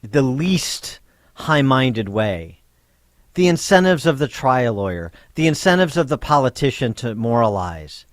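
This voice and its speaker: A male talk radio host speaking into a studio microphone with a dry, close sound and a middle-pitched voice. He stumbles over repeated words, then presses his point with pointed questions. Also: sing-song, no echo. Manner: emphatic, halting restarts then pointed questions.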